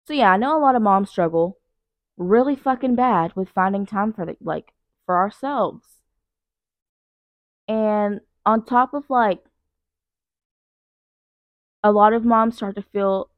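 A woman's voice: medium pitch, no echo, highs cut off. A young woman hosting her own podcast from her couch at night, talking in a blunt, profane, rambling and self-mocking way. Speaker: podcast host. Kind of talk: casual solo podcast chat. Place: living room couch at night.

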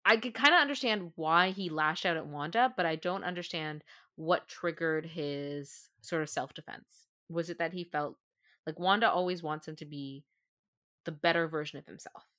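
A woman's voice: low voice, normal speed, bright, forceful tone, no room sound, studio quality. A woman co-hosting a podcast in a casual chat, thinking aloud with lots of fillers. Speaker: podcast co-host.

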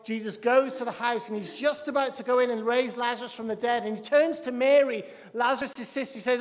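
A male pastor preaching a lively sermon to his church, with a joke and frequent restarts. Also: very high-pitched, brisk, hardly any pauses. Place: church hall. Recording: reverberant church hall.

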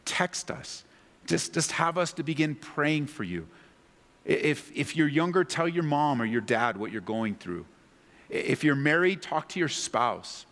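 A man's voice: a little high, moderate pace, fairly bright tone. Earnest male preacher in a reverberant hall. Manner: earnest, pleading, rises to impassioned peaks. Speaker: pastor. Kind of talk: sermon.

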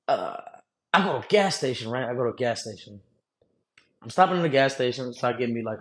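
A man hosting a podcast, telling a story in a casual, profane, slangy way. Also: medium pitch. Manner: profane, slangy, animated retelling. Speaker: podcast host.

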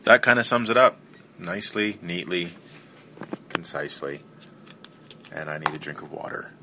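A man hosting a casual solo podcast, talking in a relaxed, rambling way with many fillers. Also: deep voice, moderate pace, slight background noise. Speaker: podcast host and film reviewer.

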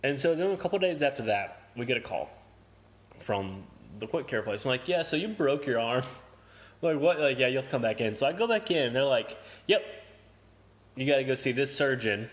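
A man's voice: mid-range voice, expressive, moderate pace. Young guy telling a story on a podcast, cusses a ton, laughs, does everybody's lines. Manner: profane, laughing, acts out quotes. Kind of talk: casual storytelling chat.

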